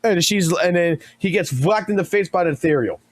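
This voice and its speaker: A man streaming, giving casual reaction commentary in a rambling, profane, excitable way. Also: high-pitched, fairly quick, no echo.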